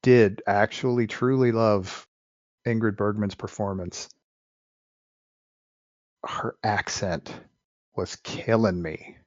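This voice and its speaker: Man, lowish voice, opinionated, dry close sound. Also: steady tone, slow, pauses often, dry recording, dull audio. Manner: opinionated, with frequent restarts. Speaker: podcast co-host. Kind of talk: casual film discussion.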